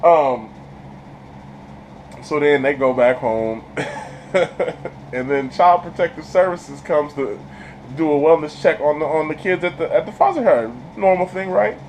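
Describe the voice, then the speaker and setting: A man's voice: fairly high pitch, normal speed, a little hiss or hum, rough recording. A man giving a casual spoiler review of a TV episode, retelling scenes in colloquial slang and laughing often. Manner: animated retelling, laughs often, slips into character voices; colloquial, laid-back slang.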